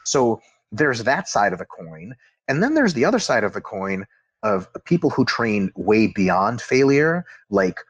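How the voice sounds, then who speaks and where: A man talking casually on a podcast as a guest expert on training, animated and profane. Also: mid-range voice, husky, no echo. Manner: animated, profane, acts out quotes.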